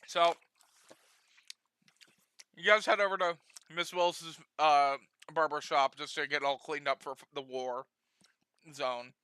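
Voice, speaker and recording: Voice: medium pitch, steady tone, a little slow, pauses often, sharp tone, clear, resonant tone, no room sound. A game master narrating a homebrew tabletop session in a casual, profane way, laughing often.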